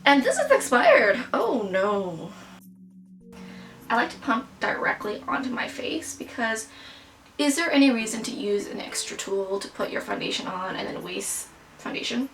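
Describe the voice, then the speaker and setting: A woman's voice: fairly high pitch, normal speed, fairly bright tone, soft background music. A young woman casually talking through her everyday makeup routine, chatty and rambling, full of self-mocking asides. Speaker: beauty vlogger. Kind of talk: casual makeup tutorial chat.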